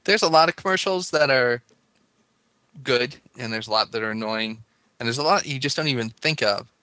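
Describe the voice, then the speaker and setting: His medium-pitched voice sounds pushed and bright, at a moderate pace, with no room sound. He's a podcast co-host in a casual, chatty conversation, rambling along and laughing a lot.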